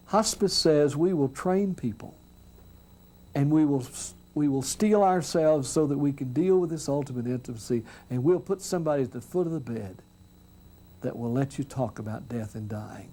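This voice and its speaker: A man, a minister, giving a storytelling talk on death and grief, earnest and reflective, often dropping soft and quiet. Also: on the high side, lively intonation, moderate pace. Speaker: minister speaking on hospice and grief.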